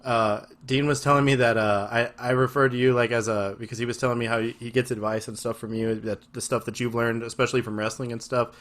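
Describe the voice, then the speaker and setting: A podcast host from West Texas, talking casually and profanely with his guest over a video call. His voice sits at an ordinary middle pitch and is warmly effusive in its praise. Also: little pitch movement, quick pace, few pauses. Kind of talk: casual chat.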